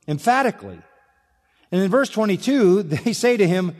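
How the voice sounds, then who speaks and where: A man with a fairly high voice delivers an expository sermon, his words ringing out with the long reverb of a large hall. He pushes up hard on rhetorical questions, then sinks to near-whispers for effect. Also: very animated, unhurried, a little mellow. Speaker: preacher.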